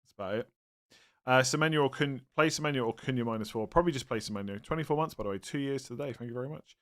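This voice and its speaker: Talking very fast in a mid-range, slightly bright voice, an English streamer works through viewer questions. He's weary and yawning, chatty and meandering, frequently breaking into his own sentences.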